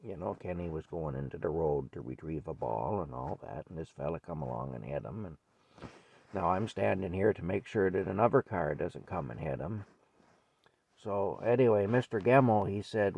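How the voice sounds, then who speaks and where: A man's voice: low voice, animated, normal speed, vocal fry, darkish tone, husky, no echo. An older man telling a childhood story in a rambling, folksy way. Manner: rambling, folksy, repeats himself. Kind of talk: casual spoken memoir.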